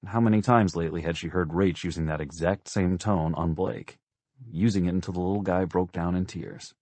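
A man reading a novel aloud as an audiobook narrator, in a measured, wry storytelling manner. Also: sits low, fairly even intonation, darkish tone, no room sound. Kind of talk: scripted narration.

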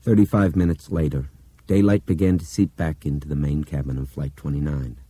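Very deep, dark male narrator. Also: slightly rough. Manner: steady, measured reading with hushed drops. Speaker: audiobook narrator. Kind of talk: scripted narration.

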